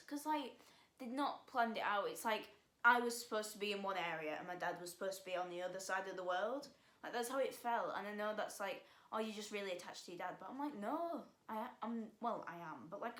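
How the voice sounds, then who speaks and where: A teenage girl tells a story in a casual vlog, rambling along with plenty of fillers, restarts and sighs. Her voice sits at a medium pitch with a fairly bright tone, and the room gives it a noticeable echo.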